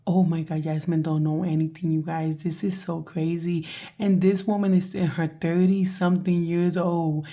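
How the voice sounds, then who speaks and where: Very deep-voiced woman with a sore voice. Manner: mocking, laughing, talking softly. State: sore, strained voice. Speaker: reaction video host. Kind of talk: reaction commentary.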